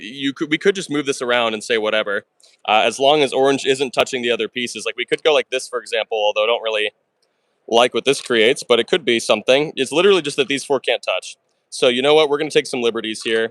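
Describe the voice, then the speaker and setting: A man live-streaming himself solving puzzles, talking fast and chatty through every move, with excitable outbursts and thanks to chat. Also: mid-range voice, dry recording. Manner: fast and chatty, talks through his moves; excitable, bursts of exclamations.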